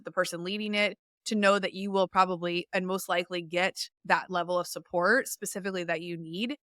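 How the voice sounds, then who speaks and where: A woman's voice: fairly low pitch, bright, forceful tone, clean tone, no room sound, clean studio sound. A woman hosting a podcast, talking in a thoughtful, reflective way as she steers the conversation. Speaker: podcast host. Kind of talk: casual podcast interview.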